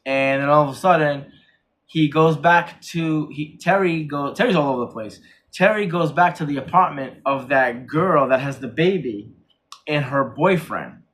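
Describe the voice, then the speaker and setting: A man's voice: a little high, moderate pace, a bit bright. A man co-hosting a casual horror movie review, retelling scenes in a rambling way and acting out the characters' lines. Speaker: podcast co-host.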